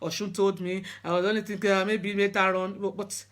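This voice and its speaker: A woman's voice: mid-range voice, level tone. Earnest middle-aged woman. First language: Yoruba. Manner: earnest, halting, with many restarts. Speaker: spiritual practitioner. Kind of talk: personal storytelling talk.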